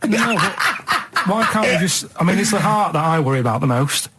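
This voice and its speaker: A man's voice: high voice, animated, brisk, very noisy. A man in his thirties on a radio show, chatting in a blunt, plain-spoken, stubborn way. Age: 30s. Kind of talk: casual radio chat. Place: radio studio.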